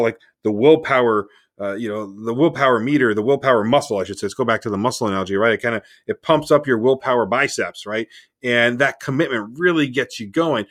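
A man's voice: medium pitch, fairly bright tone. A middle-aged man hosting a solo podcast, talking in a rambling, conversational way and often asking "right?". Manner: rambling with restarts. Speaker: podcast host.

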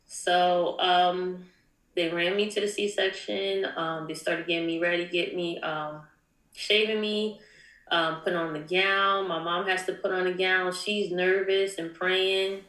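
A young woman giving an emotional personal testimony, halting with many ums and near tears at times. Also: fairly low pitch, steady tone, fairly bright tone, roomy sound, poor audio. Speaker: guest.

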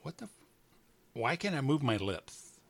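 A man's voice: medium pitch, big pitch swings, moderate pace, gravelly, slightly rough. A man reading a story aloud for a podcast, joking and laughing as he flubs his lines. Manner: playful, teasing, laughs through flubbed lines. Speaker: podcast co-host and narrator.

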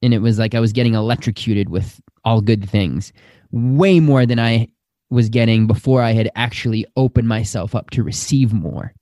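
A man with a mellow, relaxed voice of middle pitch speaks as a spiritual teacher. His talk is earnest and reflective, and he slows down on the words he stresses. The sound is dry and close, with no room around it. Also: no echo. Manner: slow, earnest, drawn-out emphasis.

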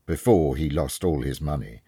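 A man's voice: rumbling low, normal speed, warm tone, husky, dry recording, clean studio sound. A man reading a story aloud, voicing a loyal older male servant who speaks humbly and earnestly.

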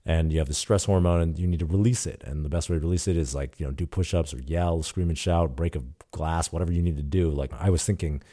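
A man's voice: rumbling low, quick pace, few pauses, mellow. A man guest telling a candid story in an interview, animatedly acting out quoted dialogue and swearing casually. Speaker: startup CEO guest.

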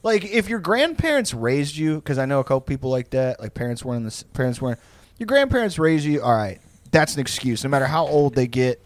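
A man's voice: medium pitch, sing-song, quick pace, dry recording. A young man co-hosting a podcast, telling rambling, profane stories in casual chat. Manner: profane, rambling storytelling with frequent laughs. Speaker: podcast co-host.

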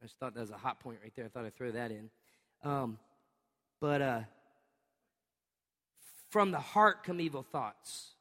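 Unhurried and given to long pauses, a medium-pitched man in his thirties preaches a sermon in a reverberant hall. He's a pastor telling a family story with plenty of energy, often laughing and imitating the sounds his kids make.

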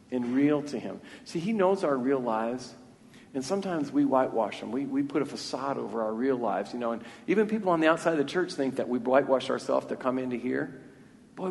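A man's voice: mid-range voice, lively intonation, a little fast, gravelly, a little mellow, a little hiss or hum. A man preaching a sermon from a church, earnest and talking freely, often repeating words as he restarts a thought. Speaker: pastor. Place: church sanctuary. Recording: long church reverb.

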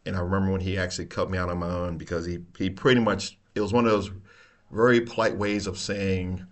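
A middle-aged retired police officer telling animated stories in casual chat, swearing and laughing often. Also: male voice, low voice, fast. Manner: animated storyteller, swears freely, laughs a lot.

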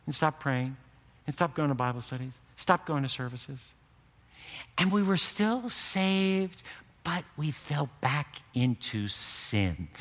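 An older man preaching a sermon with lively delivery, breaking into loud bursts and acting out the people in his stories. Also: fairly high pitch. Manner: animated preaching, acting out quotes with sudden shouted bursts. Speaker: pastor. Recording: echoey hall reverb.

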